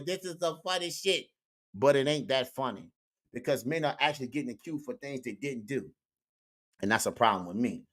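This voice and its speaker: A man's voice: a little high, a bit bright. A man doing comedic social media commentary in a preachy way, repeating catchphrases to his viewers. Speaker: online commentator.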